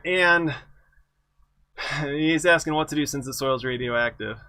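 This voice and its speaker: This middle-aged lecturer's voice is a little high and sharp; he goes slowly and pauses often, and the recording has no echo. He leads an engineering exam review, chatting, correcting himself, and telling wry stories about old projects.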